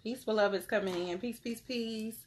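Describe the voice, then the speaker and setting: A woman's voice: a little high, fairly even intonation, normal speed, a little hiss or hum. A woman giving a casual tarot reading on a live stream, laid-back and slangy, calling her viewers "beloved".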